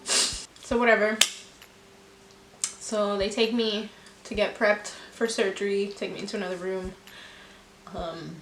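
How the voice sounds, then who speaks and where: A woman's voice: medium pitch, little pitch movement, unhurried, long pauses, fairly bright tone, slight background noise. Woman telling a personal story, echoey room. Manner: candid, reflective, lots of fillers. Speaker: vlogger. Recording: echoey room with music behind.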